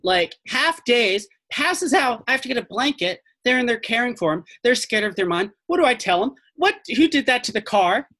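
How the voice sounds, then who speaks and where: A panicked, swearing female park ranger, voiced by a woman running a tabletop game. Her questions shoot up high and strident with a bright edge. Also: quick pace, hardly any pauses. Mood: frantic. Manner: shrill, cursing, panicked.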